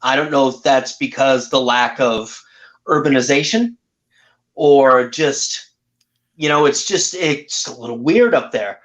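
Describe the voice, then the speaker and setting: A man's voice: mid-range voice, unhurried. A man co-hosting a podcast, chatting casually and rambling with asides. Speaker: podcast co-host. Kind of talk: casual chat. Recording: muffled lo-fi audio.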